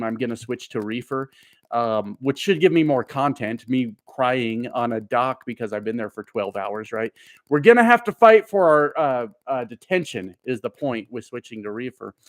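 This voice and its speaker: A man's voice: mid-range voice, no room sound. A man who drives trucks, chatting casually on a live stream from home, rambling with lots of fillers as he answers viewer comments.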